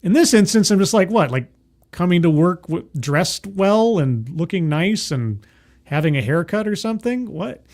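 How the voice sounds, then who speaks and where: A man's voice: sits high, expressive, moderate pace, a little mellow. Sarcastic man reading the news aloud. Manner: sarcastic, incredulous asides between quoted passages. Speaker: commentary host. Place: indoors, with trucks passing outside.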